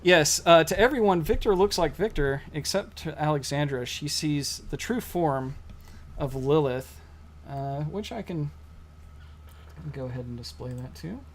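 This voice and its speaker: A man narrating a tabletop role-playing game as game master, casual and halting with many fillers. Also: fairly high pitch, slight background noise.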